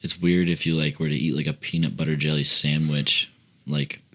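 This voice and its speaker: A young man with a very low voice hosts a loose, casual chat. He rambles through his thoughts, full of fillers, and laughs often. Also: flat delivery, moderate pace, a bit bright. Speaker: podcast host asking questions.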